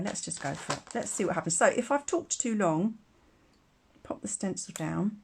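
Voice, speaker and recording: A woman's voice: mid-range voice, gravelly, a little hiss or hum. Woman, craft tutor, rambling chatty asides, easy laughter, faint background clicks. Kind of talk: casual live craft demonstration.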